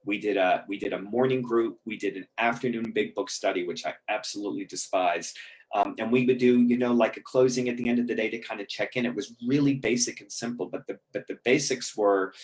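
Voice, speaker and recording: Brief: middle-aged man, lowish voice, candid and conversational personal storyteller, emotional at times. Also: brisk, low-quality recording. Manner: candid and conversational, with frequent ums and restarts; emotional, chokes up at moments. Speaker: speaker sharing his recovery story.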